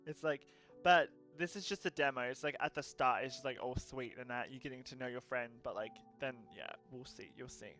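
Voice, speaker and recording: A man's voice: mid-range voice, a little fast, bright, forceful tone, soft background music. A male streamer talking casually during a live horror game stream, out of breath, rambling and laughing, with lots of fillers.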